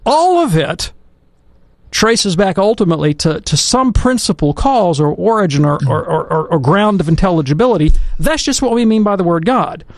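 A man's voice: high voice, expressive, moderate pace, dry recording. A man answering questions as a theologian on a talk program, chatty and digressive, grew up in Alabama. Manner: chatty, digressive, playful storytelling. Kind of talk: casual radio talk.

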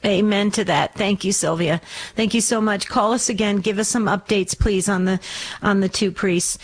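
A woman hosting a Catholic call-in radio show, reassuring callers and praying with them, with lots of quick restarts. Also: medium pitch, fairly even intonation, low-quality recording. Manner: warm-hearted, reassuring, talks in quick restarts.

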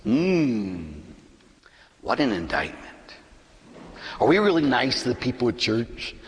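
A man's voice: mid-range voice, slow pace. A man preaching as the pastor of a church, talking casually and acting out the voices of people in his stories. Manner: animated preaching, acts out quoted voices. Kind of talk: sermon. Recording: long reverb of a church hall.

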